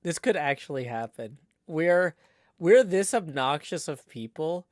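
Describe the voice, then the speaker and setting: A man's voice: a little high, expressive, unhurried, dry recording. A man from Nashville, chatting casually on a livestream in a rambling, self-deprecating way. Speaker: streamer.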